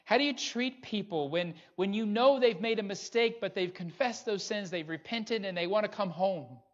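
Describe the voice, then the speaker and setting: A man's voice: high-pitched, moderate pace. A man preaching a sermon as pastor, earnest and pressing his listeners with rhetorical questions. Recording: dull lo-fi recording.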